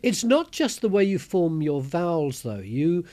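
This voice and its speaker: An older man hosting an interview, speaking in a halting way with frequent word repeats. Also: a little high, very animated, mellow. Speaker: host. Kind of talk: conversational interview.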